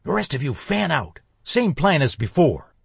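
A man's voice: a little high, big pitch swings, normal speed, creaky, slightly rough, dry recording, pitched above the performer's own voice, heavily acted. A man voicing a hot-tempered young thug leader, barking orders in a raised, snarling voice. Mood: angry. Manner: snarling, aggressive.

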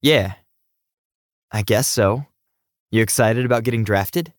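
A man's voice: on the low side, unhurried, no room sound, clean studio sound, close to an everyday voice. A man voicing a slight young man who talks in a frank, quizzical way. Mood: curious.

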